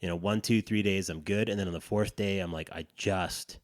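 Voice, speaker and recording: A man's voice: deep voice, fairly even intonation, quick pace, no room sound, studio quality. A man co-hosting a dads' podcast, telling a rambling, profane story in casual chat. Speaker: podcast co-host.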